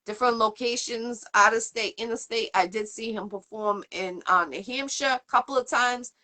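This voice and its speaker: A woman from the area hosts a casual interview, her clear as she rambles cheerfully through shout-outs and "um"s. Her voice sits a little high and sounds bright and forceful. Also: normal speed. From Boston area, USA. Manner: rambling, upbeat, full of shout-outs and fillers. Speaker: interview show host.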